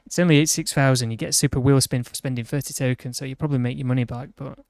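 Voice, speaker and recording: A man's voice: mid-range voice, steady tone, fast talker, creaky, a little mellow, no echo, studio quality. A young man with a Yorkshire accent, chatting bluntly and teasing a friend while streaming a racing game, often restarting his sentences. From northern England. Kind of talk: casual chat while gaming.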